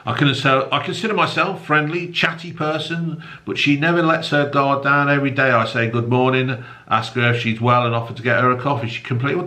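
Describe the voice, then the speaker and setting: A man reads the day's paper aloud in a casual solo chat. His bright, middle-pitched voice keeps breaking into crude, foul-mouthed ranting. He mocks the stories as he goes. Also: fairly even intonation, fairly quick, hardly any pauses. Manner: swears heavily, mocking asides. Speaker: newspaper review host. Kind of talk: casual solo newspaper review with rants.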